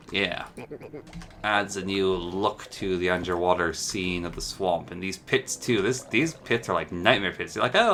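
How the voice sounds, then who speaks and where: A man giving casual, enthusiastic commentary while showcasing a game mod, chatting and musing aloud as he goes. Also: low-pitched.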